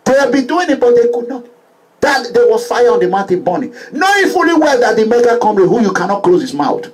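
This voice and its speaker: A middle-aged man from Edo State with a Nigerian English and Pidgin accent, delivering an impassioned political monologue that swings between low pleading and loud declaiming, with chanted refrains. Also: very animated, a little fast, low-quality recording. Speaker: political activist vlogger.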